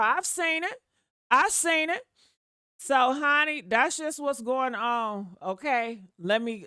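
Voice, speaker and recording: A woman's voice: high voice, fairly bright tone, smooth, no room sound, clean studio sound. A woman hosting a live stream, commenting bluntly and sassily and reading viewer comments aloud. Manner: blunt, sassy, talks straight to viewers. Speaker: livestream commentator.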